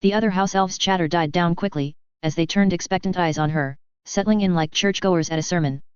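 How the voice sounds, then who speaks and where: A woman reading fan fiction aloud in an even, measured storytelling voice. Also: lowish voice, smooth, dry recording. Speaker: story reader. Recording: dull, lo-fi, dry.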